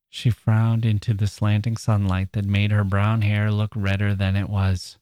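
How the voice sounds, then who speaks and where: A man hosting a literature podcast, reading passages from a novel aloud and then commenting on them in a measured, reflective way, sometimes searching for his words. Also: fairly low pitch, monotone, warm tone, dry recording, studio quality.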